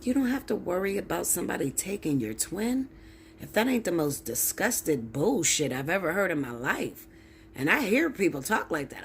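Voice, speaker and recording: Woman, tarot reader, lowish voice, swooping wildly in pitch, blunt, cussing, preachy rant. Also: big pitch swings, moderate pace, gravelly, slight background noise. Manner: blunt, profane, emphatic, preachy. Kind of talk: ranting direct-to-camera monologue.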